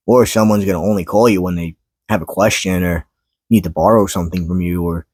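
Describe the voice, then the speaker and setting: A weary vlogger vents to camera in a husky, slightly mellow voice, speaking haltingly and pausing to gather his thoughts; when frustrated he swears and his pitch climbs. The unscripted personal monologue was recorded on the camera mic with no room sound.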